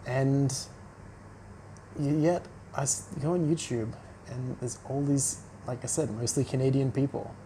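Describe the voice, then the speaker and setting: A man's voice: mid-range voice, steady tone, measured pace, warm tone, slight background noise, low-quality recording. A man ranting casually to camera as a vlogger, blunt and sarcastic. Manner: blunt, sarcastic, mocking voices.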